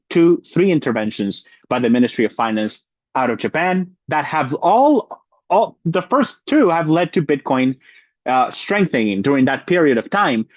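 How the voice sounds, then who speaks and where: A man's voice: fairly high pitch, no echo, lo-fi sound. A man working as a market analyst, talking through charts in a weekly update, often repeating and rephrasing his points.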